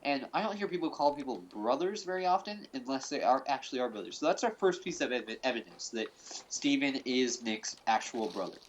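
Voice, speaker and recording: A man presents a joke fan theory in a mock-serious tone, rambling and tripping over his own sentences. His pitch sits mid-range. Faint noise runs under the call audio. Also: animated, fairly quick, low-quality recording. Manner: rambling, full of fillers and restarts. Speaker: host. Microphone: call recording.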